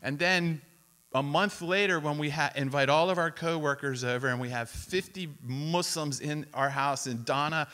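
A man preaching to a camp crowd, telling a story with lively acted-out quotes and sudden drops to a whisper. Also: fairly high pitch, normal speed. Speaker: speaker at a youth camp. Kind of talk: storytelling sermon. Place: camp meeting hall.

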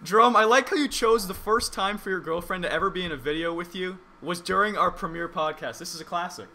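A man's voice: high voice, fast talker, sharp tone. A young man co-hosting a casual podcast, mocking his friends and laughing a lot. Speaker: podcast co-host. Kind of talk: casual teasing banter.

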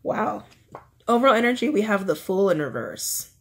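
Woman tarot reader with a husky voice, casual and repetitive, talking straight to her viewers. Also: medium pitch, expressive, moderate pace. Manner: chatty, repeats phrases, says um and like often. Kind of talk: casual tarot reading monologue.

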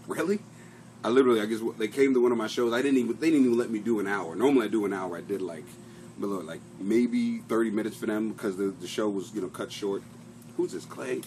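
A man's voice: on the low side, fast talker, darkish tone, a little hiss or hum. A middle-aged man hosting his own comedy podcast from a home basement, chatting casually in a profane, rambling, self-mocking way. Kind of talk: casual live-stream chat.

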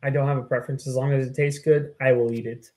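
A man's voice: medium pitch, flat delivery, fast talker, a little mellow. A man co-hosting a podcast in laid-back, joking casual chat. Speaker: podcast co-host.

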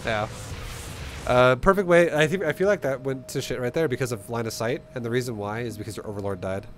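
A man's voice: mid-range voice, a little fast, faint music behind. A young man coaching a game player over a replay, casual, swearing freely and acting out little scenes. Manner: swears freely, laughs, acts out examples. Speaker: StarCraft coach.

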